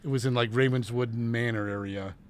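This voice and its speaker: A man's voice: mid-range voice, fairly even intonation, fairly quick, a little hiss or hum. A middle-aged man, a paranormal investigator, earnestly telling a story from a case. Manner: earnest, retelling a case with restarts. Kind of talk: casual storytelling.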